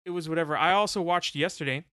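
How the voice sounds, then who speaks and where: A man chatting casually as a podcast co-host, animated and full of fillers. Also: a little high, clean tone, no echo, studio quality. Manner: animated, talks in quick bursts with many fillers. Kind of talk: casual chat about movies.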